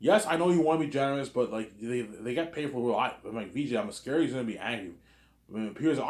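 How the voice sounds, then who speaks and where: A man's voice: medium pitch, fast talker, a little mellow. A man acting out an imagined argument by himself, playing every side in an over-dramatic, repetitive way. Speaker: video creator. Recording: roomy echo.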